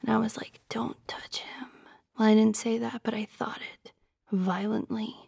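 A woman's voice: fairly high pitch, darkish tone, dry recording, studio quality. A young woman voicing a jealous, possessive girlfriend in an audio role-play, pouty and teasing, sometimes dropping to a whisper.

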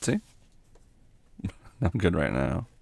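Gravelly man in a whispered role-play. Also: deep voice, very animated, slow pace, dry recording. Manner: soft, tender and doting, with frequent quiet laughs and murmured hums. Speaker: ASMR role-play performer as caring boyfriend.

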